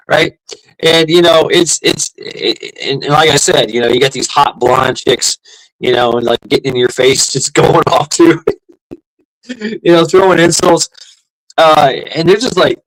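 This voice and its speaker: A man's voice: a little high, measured pace, a bit bright, rough recording. A middle-aged man hosting a casual livestream, rambling and swearing, repeating himself and laughing often. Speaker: livestream host.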